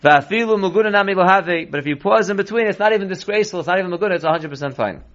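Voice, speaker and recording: A rabbi teaching a line-by-line text study lesson, reading Hebrew slowly and then explaining it in quick English. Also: male voice, high-pitched, fairly bright tone. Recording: dull lo-fi recording.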